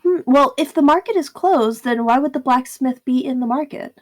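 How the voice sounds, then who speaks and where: A woman with a fairly high voice plays a tabletop game. She keeps asking questions to work out the plan. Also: normal speed. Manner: inquisitive, asks many questions. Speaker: player. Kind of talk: tabletop role-play.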